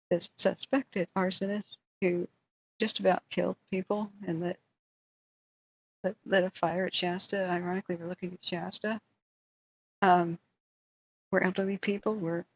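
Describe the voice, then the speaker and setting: A woman's voice: lowish voice, breathy edge, highs cut off. A woman hosting a livestream in casual chat, rambling and talking to her viewers. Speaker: livestream host.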